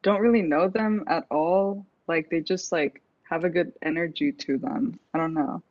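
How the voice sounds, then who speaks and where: A woman's voice: on the low side, normal speed, no room sound. A woman guest on a casual podcast, giggly and rambling with lots of fillers. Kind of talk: casual chat. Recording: slightly dull lo-fi audio.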